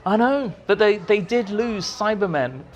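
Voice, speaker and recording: A man's voice: high-pitched, a little slow, dull audio. A man guest at a fan society meeting, telling stories and acting out quotes in voices. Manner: animated, acts out quotes in voices. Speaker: interview guest, writer. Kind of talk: anecdotal storytelling.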